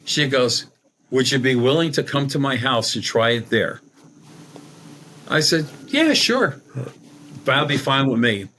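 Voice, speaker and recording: A man's voice: mid-range voice, unhurried, pauses often, fairly bright tone, a little hiss or hum. A middle-aged man telling a personal story as a podcast guest, in a colloquial, rambling way, acting out the dialogue he quotes. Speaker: guest, psychic medium. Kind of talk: conversational storytelling.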